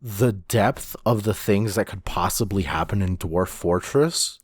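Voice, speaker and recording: A man's voice: on the low side, a little slow, breathy edge, dry recording, clean studio sound. A man co-hosting a podcast in casual chat, rambling with many restarts and the odd swear. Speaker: podcast co-host.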